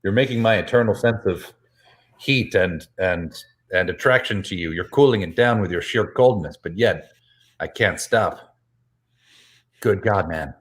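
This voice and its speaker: A man playing an overeager flirty husband in an improvised comedy scene, talking in a high, swooping flirty voice and stammering as he gushes. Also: unhurried. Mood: gushing flirty. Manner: gushing and stammering.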